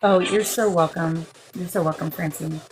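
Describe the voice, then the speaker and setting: A woman's voice: on the low side, steady tone, moderate pace, a little mellow, a little hiss or hum, poor audio. A woman hosting a live-stream psychic session as a medium, calling spirits with endearments and speaking into a phone. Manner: coaxing, affectionate, talks to spirits with endearments.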